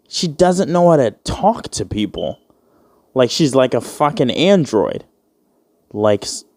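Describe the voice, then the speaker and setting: A man's voice: medium pitch, darkish tone, dry recording. A man in his twenties hosting a casual solo podcast, rambling and joking with plenty of swearing. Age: 20s. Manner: rambling, profane, joking, acts out quoted voices. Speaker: podcast host.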